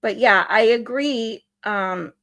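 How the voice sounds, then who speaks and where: In a slow, creaky, fairly bright voice pitched fairly high, a woman hosting a laid-back livestream rants in exasperation as she works through viewers' comments and replies to them.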